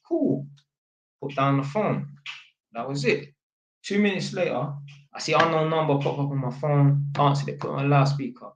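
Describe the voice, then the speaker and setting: A young man, fairly high-voiced for a man, tells a long story in loose street slang. He jumps into other people's voices as he acts out phone calls. The room around him is bare and echoey. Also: moderate pace, muffled recording. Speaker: vlogger. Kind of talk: casual storytelling to camera. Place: at home, sitting at a small table.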